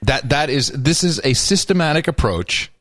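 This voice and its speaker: A man's voice: a little high, lively intonation, normal speed, a bit bright, no room sound. A man co-hosting a podcast, talking with sarcastic mock outrage. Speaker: podcast co-host. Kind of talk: casual commentary chat.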